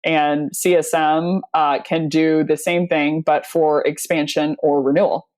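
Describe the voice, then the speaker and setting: A woman with a somewhat low voice speaks as an interview guest. She talks in a loose, animated storytelling way, full of fillers and quick laughs. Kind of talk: casual interview talk.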